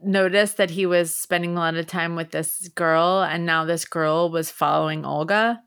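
Excitable woman podcast co-host. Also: lowish voice, moderate pace, smooth. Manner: excitable, reacts with exclamations. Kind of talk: casual chat.

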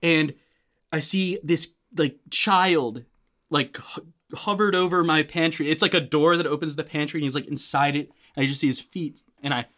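A young man, a podcast guest, telling a story in casual chat, animated and full of likes and restarts. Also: fairly high pitch, moderate pace.

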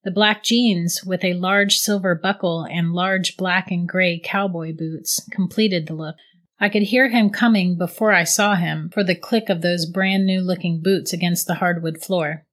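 A woman giving steady, reflective first-person audiobook narration. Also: lowish voice, measured pace.

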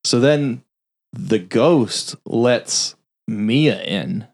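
A podcast host with a gravelly, darkish, mid-range voice and lively intonation casually recaps a film's plot. In this loose film review chat he swears freely and quickly voices the characters' lines.

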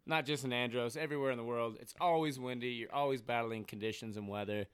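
A man's voice: medium pitch, fairly even intonation, fast, a bit bright, clear, resonant tone, no room sound. A man, a guest on a podcast, chatting casually with short, easygoing replies. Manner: laid-back, short agreeing replies. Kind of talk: casual chat.

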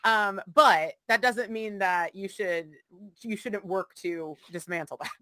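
A woman co-hosting a casual podcast chat with quick, wry remarks. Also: mid-range voice, sharp tone, dry recording. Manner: quick, wry interjections, laughs easily.

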